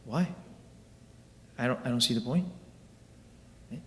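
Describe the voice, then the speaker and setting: A man leads a religious class in a relaxed, conversational way, walking listeners through everyday examples. He keeps checking in with a quick "right?" as he goes. His mid-range voice rings out with the long reverb of a large hall. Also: medium pitch. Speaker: religious teacher.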